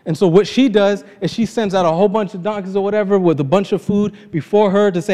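A man's voice: sits high, fast, few pauses, mellow. A man preaching an informal sermon, retelling a scripture story in his own casual words, with frequent laughs. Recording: long reverb of a large hall.

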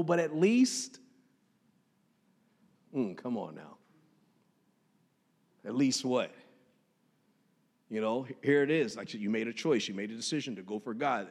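A man's voice: medium pitch, a little mellow, long reverb tail. A man preaching a sermon as pastor, punchy and joking, with street slang. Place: church sanctuary.

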